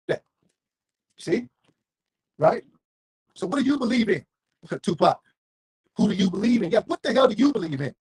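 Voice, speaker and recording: A man's voice: vocal fry, slightly rough, dry recording, low-quality recording. A man street preaching, reading scripture aloud and calling out to listeners with constant "right?" and "you see?". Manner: reads scripture slowly with big pitch leaps.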